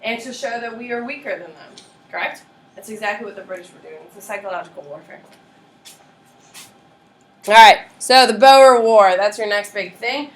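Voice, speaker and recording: Woman teacher mid-lecture, lively and checking in a lot, recorded from a distant camera in an echoey classroom. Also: fairly high pitch, moderate pace, long pauses. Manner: lively, checks in with students often. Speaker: history teacher. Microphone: far camera.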